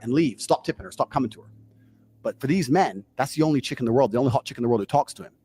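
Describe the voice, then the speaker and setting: A man's voice: mid-range voice, expressive, rapid-fire, dark tone, breathy edge, no echo. A man telling a story in a brash, boastful way, swearing freely and acting out both sides of conversations.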